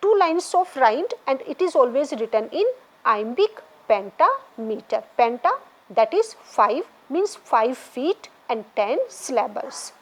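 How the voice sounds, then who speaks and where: A literature lecturer in a classroom speaks slowly in a high voice that rises and falls widely, repeating each point to explain it. She often pauses to ask "right?" or "okay?", and the recording is low quality.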